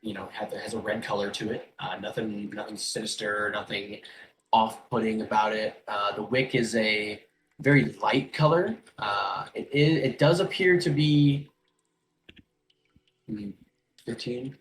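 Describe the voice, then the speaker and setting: A man running a tabletop game as game master, describing scenes in loose, halting speech full of fillers. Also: lowish voice, slight background noise, low-quality recording.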